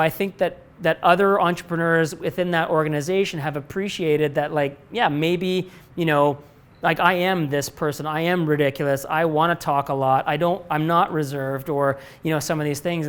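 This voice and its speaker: A man's voice: fairly high pitch, fairly even intonation, moderate pace, clean tone. Rambling, candid man. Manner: rambling, candid, self-interrupting, casual swearing. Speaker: company president giving a talk. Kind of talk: live Q&A with students. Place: lecture room before a live audience.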